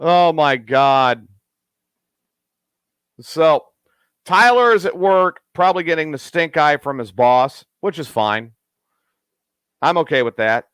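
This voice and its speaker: A man hosting a live show, chatting casually in a rambling, raunchy, excitable way. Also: on the high side, takes it slowly, pauses often, smooth, no echo. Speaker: host.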